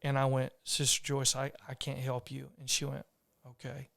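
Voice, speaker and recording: A man hosts a podcast, telling a story in an earnest, rambling way. His voice is smooth and clear, with an even, steady pitch. The sound is close and dry. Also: normal speed, dry recording. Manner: earnest, rambling with restarts and fillers. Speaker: podcast host. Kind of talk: casual conversational storytelling.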